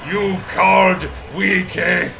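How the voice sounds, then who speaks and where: A man's voice: sits high, little pitch movement, slow, creaky, music in the background, full character voice. A man putting on the voice of a solemn, menacing male demon priest from a horror film.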